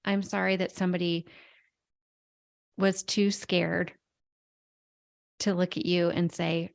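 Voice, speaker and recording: A woman hosts a podcast interview and answers her guest with warmth and empathy. Her voice is a little low, and her responses are effusive. The recording is dry and close. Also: fairly even intonation, slow pace, vocal fry, pauses often, dry recording. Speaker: podcast host, child life specialist.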